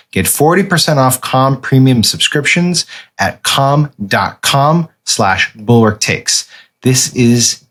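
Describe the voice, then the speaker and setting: A man's voice: mid-range voice, a bit bright. A man podcast host chatting casually, then reading a sponsor ad with wry asides. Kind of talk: casual chat and read ad.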